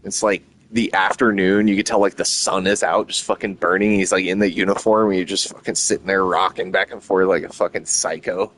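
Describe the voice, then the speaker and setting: A low-pitched man chats casually on a stream. He rambles and swears freely, his talk running hot with excitement. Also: fairly quick, hardly any pauses, a little hiss or hum. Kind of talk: casual chat.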